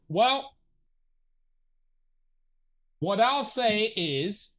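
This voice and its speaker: A man live-streaming a video game, talking in a rambling, profane, excitable way and laughing often. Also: high-pitched, measured pace. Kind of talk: live gameplay stream chat.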